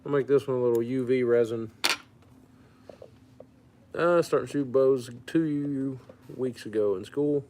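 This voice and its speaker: Man from Louisiana, mid-pitched, easygoing stream host answering chat. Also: a little slow, long pauses, slight background noise. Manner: relaxed, reads out and answers viewer comments. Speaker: fishing channel host. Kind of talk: casual livestream chat.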